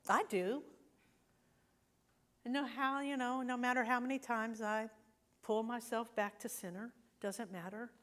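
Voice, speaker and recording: A woman's voice: fairly high pitch, steady tone, measured pace, long pauses, fairly bright tone. Conversational woman minister preaching. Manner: conversational, often asks the congregation "right?". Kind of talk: sermon. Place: church sanctuary.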